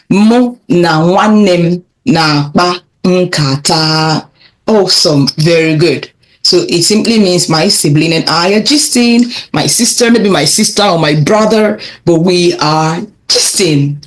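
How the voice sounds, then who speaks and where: A young woman teaching children vocabulary, repeating words slowly and encouraging them as she goes. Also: on the low side. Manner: repeats phrases slowly, encouraging, laughs lightly. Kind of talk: slow, clear vocabulary lesson for kids.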